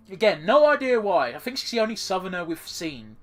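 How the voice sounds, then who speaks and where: A man's voice: high voice, sing-song, brisk, a bit bright. A man giving casual commentary over a video game playthrough, swearing freely and reading game text aloud. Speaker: let's play gamer.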